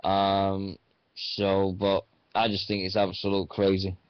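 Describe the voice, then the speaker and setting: A man's voice: sits low, monotone, takes it slowly, no echo. A man hosting a radio show, chatting casually about wrestling in a rambling, hesitant way. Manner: rambling, hesitant with many fillers. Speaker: radio host. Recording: dull dry sound.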